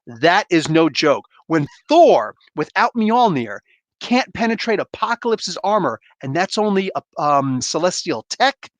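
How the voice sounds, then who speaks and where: A man's voice: sits high, big pitch swings, a little slow, dry recording. A man hosting a casual comic book spoiler review, rambling enthusiastically with slangy asides.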